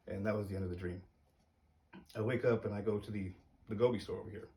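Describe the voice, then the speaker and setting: A man telling a personal story to camera in a casual, hesitant way, uneasy and halting. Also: fairly low pitch, steady tone, mellow, far from the mic.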